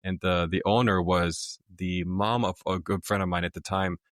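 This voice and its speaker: A middle-aged man who grew up in Germany speaks in a very low voice. He tells stories in a relaxed podcast chat and slips into the voices of the people in his anecdotes. The recording is close and dry. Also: normal speed, no room sound. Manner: animated storyteller, acts out quoted voices. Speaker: podcast guest, author. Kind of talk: casual storytelling chat.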